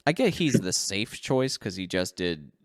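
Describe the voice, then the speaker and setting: A man's voice: low-pitched, big pitch swings, normal speed, heavy background noise. A man co-hosting a podcast in casual chat, rambling and correcting himself as he talks. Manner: rambling, self-correcting, laughs often. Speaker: podcast co-host.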